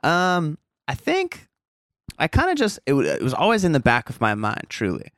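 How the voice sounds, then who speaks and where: A man's voice: a little high, huge pitch swings, moderate pace, a bit bright, no room sound, clean studio sound. A man being interviewed as a musician guest on a podcast, rambling casually with lots of "like" and easy laughs. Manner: rambling, heavy use of "like", laughs easily. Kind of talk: casual conversation.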